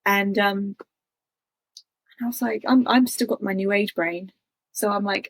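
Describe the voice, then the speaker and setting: A woman's voice: medium pitch, steady tone, unhurried, no room sound, low-quality recording. A woman guest telling a personal story in a chatty way, acting out her own past thoughts in quotes. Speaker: interview guest.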